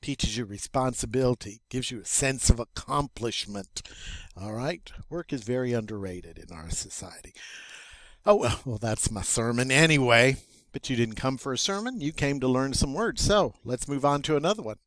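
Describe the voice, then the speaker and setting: A man teaching French vocabulary as a lesson, slow and playful with little jokes along the way. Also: mid-range voice, animated, fairly bright tone, no echo. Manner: slow, playful, jokey asides.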